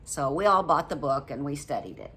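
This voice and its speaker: A woman's voice: low-pitched, big pitch swings, fairly quick, fairly bright tone, slight background noise. A woman in her late seventies chatting casually to her viewers about a book, rambling a little, with many ums and frequent laughs. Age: 70s. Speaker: vlogger reviewing a book. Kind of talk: casual chat to camera.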